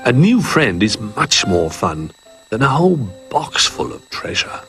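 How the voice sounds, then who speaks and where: A man reading a children's story aloud in an expressive, animated way. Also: mid-range voice, unhurried, faint music behind, poor audio.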